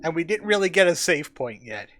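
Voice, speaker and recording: A man's voice: on the high side, very animated, a little fast, a bit bright, a little hiss or hum. A man hosting a casual let's play, giving playful commentary with joking asides.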